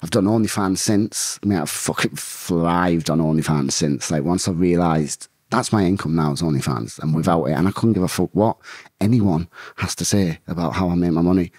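A man's voice: low voice, moderate pace, darkish tone, husky, no room sound, clean studio sound. A man telling a blunt, rambling story full of swearing in a casual interview. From England. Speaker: guest, bare-knuckle fighter.

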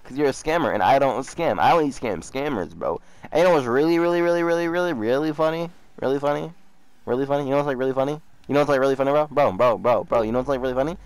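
A man's voice: medium pitch, very fast, smooth, dry recording. A young man chatting casually while gaming, teasing and mocking another player, often repeating himself. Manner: mocking, repeats himself, says bro a lot. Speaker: YouTuber trolling a scammer.

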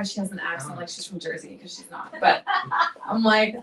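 A woman's voice: medium pitch, fairly even intonation, fairly quick, fairly bright tone, distant mic, slight background noise. Joking woman singer on stage, echoey. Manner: chatty, joking, self-mocking, laughs often. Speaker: singer-songwriter performing live. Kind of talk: stage banter between songs. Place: small live music venue. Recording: echoey room recording from afar.

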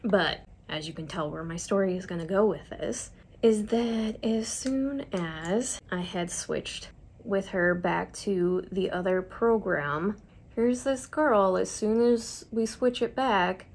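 A woman's voice: medium pitch, slow pace, a little mellow, slight background noise. A young adult woman chatting in a confiding, self-deprecating way while doing her makeup, telling a story from her school years. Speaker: vlogger. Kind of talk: get-ready-with-me storytelling.

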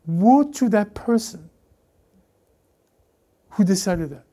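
Male pastor preaching, gravelly mellow voice, animated delivery that slips into character voices. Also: a little high, measured pace. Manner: animated, repeats words, acts out characters. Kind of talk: lively sermon with acted-out voices.

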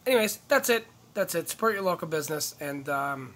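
Lively, bright-voiced ranting man. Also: sits high, a little fast. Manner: profane, rambling and scattered. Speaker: comedian. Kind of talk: casual vlog rant to camera.

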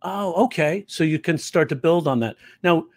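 A man's voice: on the high side, normal speed, dry recording. A middle-aged man, a comedy writing teacher, talking in an interview and telling stories with acted-out quotes. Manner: animated storyteller who acts out quoted voices. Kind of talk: conversational interview.

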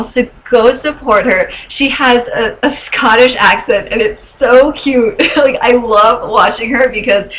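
A woman's voice: medium pitch, a bit bright, slight background noise, poor audio. A young woman vlogger in casual chat, gushing and chatty, with fillers and little laughs.

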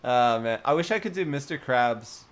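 A man's voice: medium pitch, expressive, normal speed. A young man streaming casually, joking with his chat and laughing often.

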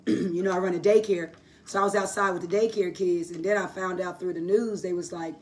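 A woman teaching a livestreamed sermon, hoarse from losing her voice, preaching emphatically in a folksy style and answering herself with quick asides. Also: lowish voice, darkish tone, far from the mic, slight background noise. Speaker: Bible teacher. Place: live online broadcast.

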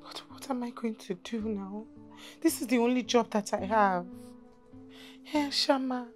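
Actress doing a nervous young Nigerian woman, pleading, apologetic, high voice, faint film music. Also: natural voice. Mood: distressed. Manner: pleading, apologetic, fast rushed phrases. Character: timid young woman cleaner, anxious and pleading. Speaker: office cleaner. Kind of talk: film drama acting.

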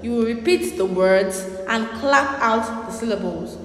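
A woman's voice: a little high, unhurried. A woman teaching young children a spelling and reading lesson, spelling words out letter by letter and repeating them. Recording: echoey room with long reverb.

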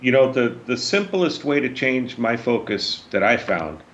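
A man co-hosting a podcast about recovery, calmly picking up on what the others said. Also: mid-range voice, unhurried, highs cut off. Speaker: podcast co-host. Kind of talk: casual recovery talk.

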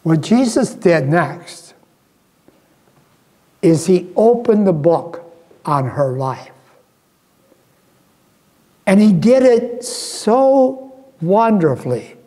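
A male pastor preaching slowly and earnestly, his fairly high voice carried by a long church reverb. He leans on rhetorical questions to draw the congregation in. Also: sing-song, mellow. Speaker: guest pastor. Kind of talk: sermon. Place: church sanctuary.

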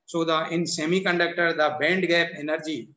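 A man with an Indian English accent giving a university lecture, halting and repetitive, often restarting with "so the" and "or we can say". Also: on the high side, fairly even intonation, bright, forceful tone, roomy sound, poor audio. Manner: halting, repeats itself, frequent "so the" and "or we can say" restarts. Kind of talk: recorded classroom lecture.

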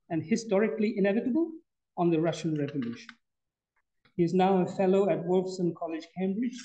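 Man reading out a speaker intro, formal, mellow voice, kinda dull muffled sound. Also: a little high. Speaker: event host introducing the speaker.

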